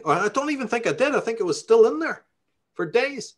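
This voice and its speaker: A man's voice: very high voice, very animated, fairly quick. A middle-aged man from Northern Ireland with a Belfast accent, telling a profane, ranting story as an interview guest. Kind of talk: storytelling in conversation.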